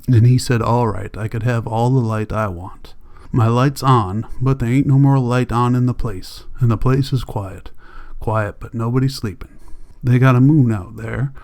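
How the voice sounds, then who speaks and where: A man reading a novel aloud as an audiobook, in a soft, subdued first-person diary voice. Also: mid-range voice. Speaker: audiobook reader.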